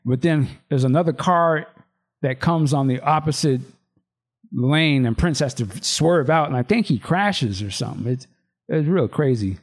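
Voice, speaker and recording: A man's voice: a little high, lively intonation, moderate pace. A man hosting a casual podcast, reading a screenplay aloud with loose asides and restarts.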